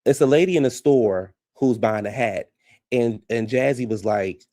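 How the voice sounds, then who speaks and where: A man giving casual, profane reaction commentary on a reality show, blunt and animated, often laughing. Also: mid-range voice, moderate pace, dry recording, clean studio sound.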